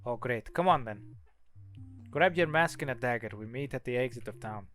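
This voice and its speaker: A man's voice: medium pitch, normal speed, a bit bright, soft background music, close to an everyday voice. A man voicing a cocky young male mage who teases his little sister, in a strange made-up accent. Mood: teasing. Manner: odd put-on accent, teasing.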